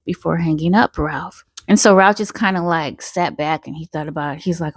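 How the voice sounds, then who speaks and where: A woman's voice: low-pitched, steady tone, moderate pace, few pauses, husky, no room sound. Chatty woman telling a story. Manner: chatty, loose, with many fillers. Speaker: channel host and storyteller. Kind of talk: casual spoken storytelling.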